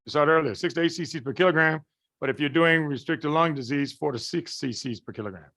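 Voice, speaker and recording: Man, somewhat high voice, class lecture, folksy, rhetorical questions, checks understanding. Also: fast, fairly bright tone. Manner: colloquial, folksy phrasing. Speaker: medical lecturer.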